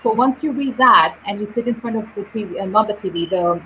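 A woman teaching English in a live online session, speaking slowly and deliberately with clear pauses between words. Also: medium pitch, a little hiss or hum. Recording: dull lo-fi live stream audio.

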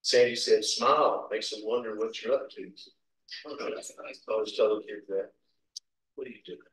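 A man's voice: lowish voice, normal speed, a bit bright. A man preaching a sermon, telling stories with laughs and acted-out quotes. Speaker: pastor. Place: church sanctuary. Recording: roomy echo, from a distance.

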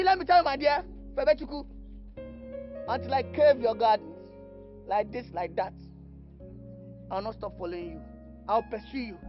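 A man with a Nigerian accent playing a cheeky young man who chases a woman, teasing and boastful with frequent laughter. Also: extremely high pitch. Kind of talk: Nollywood film acting. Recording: dull lo-fi audio with faint music.

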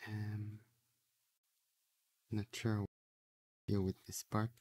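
A French-speaking man from Quebec with a Quebec French accent, chatting casually on a live stream while drawing and thinking aloud in halting phrases full of fillers. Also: on the low side, level tone, a little mellow, no room sound.

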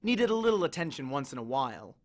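A man reading a novel aloud in an expressive storytelling manner. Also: mid-range voice, fast talker. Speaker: audiobook reader.

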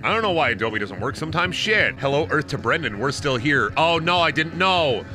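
A man's voice: on the high side, very animated, brisk, hardly any pauses, pushed and bright. A young man streaming a video game, joking and reading lines aloud as he plays, over faint game music. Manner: joking, reads lines aloud in mock voices. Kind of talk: casual gaming stream commentary.

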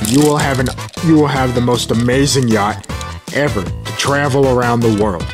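A man's voice: mid-range voice, moderate pace, pitched below the performer's own voice, lightly acted. A young man voicing a pompous, greedy billionaire pig villain in a homemade toy cartoon, with music playing behind. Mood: smug.

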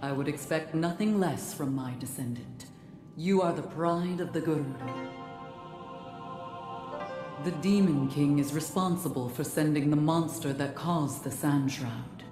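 An ancient warrior sage. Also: female voice, deep voice, music in the background. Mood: solemn. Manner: solemn, measured storytelling. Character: ancient female Gerudo warrior sage, stately. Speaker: game character. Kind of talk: scripted game dialogue. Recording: roomy game audio with long reverb.

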